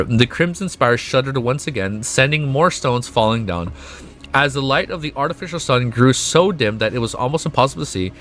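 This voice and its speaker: A man streaming live, reading a novel aloud and breaking into excitable reactions full of swearing and laughter. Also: mid-range voice, no room sound.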